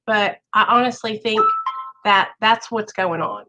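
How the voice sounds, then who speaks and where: A woman's voice: mid-range voice, a little slow, music in the background, low-quality recording. A woman talking to camera in a casual, earnest way, coaching viewers through recovery, often checking in with "okay?" and many "like" fillers. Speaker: vlogger sharing recovery advice. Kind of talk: casual advice talk to camera.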